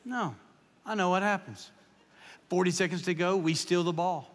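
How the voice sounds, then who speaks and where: A man's voice: high voice, normal speed. A man, preaching as a guest speaker and telling folksy, joking stories to a congregation. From Kentucky. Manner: folksy, joking, animated storytelling. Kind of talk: humorous sermon storytelling. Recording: long echo of a large hall.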